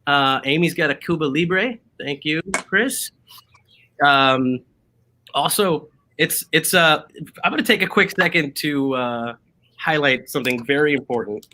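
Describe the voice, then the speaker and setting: A man hosts a laid-back online drinking show from a video call, upbeat and chatty, with plenty of "uh"s. His voice is bright and sits a touch high. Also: a little slow, slight background noise. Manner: upbeat, chatty, many fillers. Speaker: show host.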